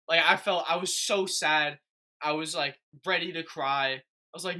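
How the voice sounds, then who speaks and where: Young male podcast host; rambling casual storyteller, slightly high, bright tone. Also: fairly even intonation, quick pace. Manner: rambling storyteller, many fillers and restarts. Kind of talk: casual chat.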